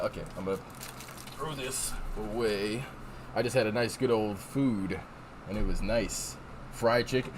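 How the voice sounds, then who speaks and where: A streamer with a medium-pitched voice chats on a livestream through a desk microphone, with slight background noise. He's rambling and profane, reading chat aloud as he answers.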